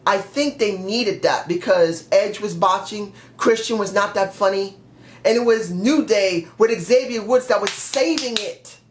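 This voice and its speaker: A man's voice: high-pitched, a little slow, reverberant, a little hiss or hum. A man giving blunt, opinionated reviews in a casual vlog, often dismissive. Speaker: wrestling show reviewer.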